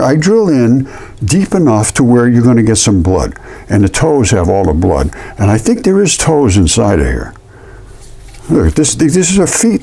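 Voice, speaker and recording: An amateur fossil presenter shows off specimens in a casual vlog, his mid-range voice slightly rough. He sounds indignant and animated, repeating himself as he tells his story.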